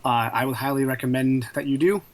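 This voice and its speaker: A man playing a tabletop game, speaking in character with an earnest, deliberate manner. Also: medium pitch, steady tone, rough recording. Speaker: player.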